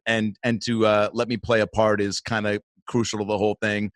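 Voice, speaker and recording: A man's voice: lowish voice, little pitch movement, normal speed, fairly bright tone, dry recording, clean studio sound. A man hosting a podcast in casual chat, with loose, playful banter and quoted asides. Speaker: podcast host.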